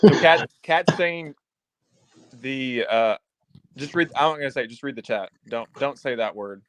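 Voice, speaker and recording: A man hosting a casual livestream chat, talking in animated bursts that swing from loud to soft. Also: mid-range voice, normal speed, no room sound, low-quality recording. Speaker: livestream host.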